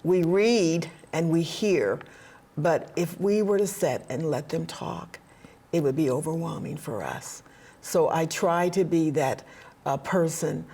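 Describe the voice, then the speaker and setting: A woman guest in an interview, speaking earnestly about faith and helping others, with frequent hesitant pauses. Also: low voice, mellow, slightly rough. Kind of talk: heartfelt conversational interview.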